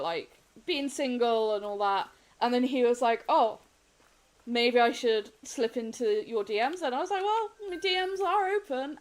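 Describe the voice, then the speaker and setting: Chatty young woman with a higher voice. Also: rough recording. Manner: rambling and chatty, laughs often, restarts sentences. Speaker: gaming streamer. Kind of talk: casual chat while live-streaming a game.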